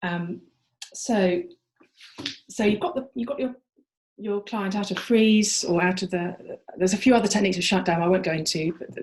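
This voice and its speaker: A woman therapist with a lowish, slightly mellow voice explains treatment techniques to fellow practitioners in an informal teaching talk, talking it through conversationally and building her points as she goes.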